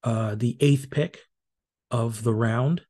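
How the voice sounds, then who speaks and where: A man hosts a solo podcast recap, his voice dark and mellow. He talks loosely, with plenty of ums and restarts, and drops dry, wry remarks as he goes. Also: mid-range voice, fairly even intonation, slow pace. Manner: casual and rambling, many fillers and restarts. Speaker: podcast host.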